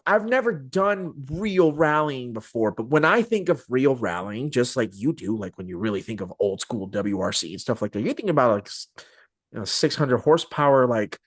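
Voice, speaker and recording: A man hosting a podcast interview, telling stories in an animated, joking, slangy way. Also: mid-range voice, normal speed, no echo, clean studio sound. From Arizona. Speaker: podcast host. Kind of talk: casual interview chat.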